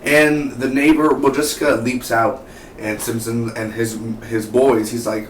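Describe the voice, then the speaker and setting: A man's voice: medium pitch, fairly even intonation, unhurried. A man giving a casual, rambling recap of a TV episode, acting out the characters' lines as he goes. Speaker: TV reviewer. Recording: roomy, distant from the mic, faint noise.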